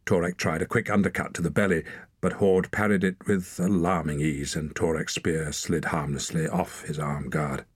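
A very deep, husky male voice reads an audiobook in a steady, measured way. The sound is dry and close to the mic, with no room around it. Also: no echo. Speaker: narrator. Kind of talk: audiobook narration.

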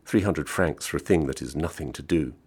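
A man's voice: extremely low pitch, brisk, darkish tone, husky. A man reading as a prim young waitress. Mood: scornful. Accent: speaks English as a foreign tongue. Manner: polite, formal, refusing. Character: young Swiss woman, station cafe waitress, prim. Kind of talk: audiobook reading.

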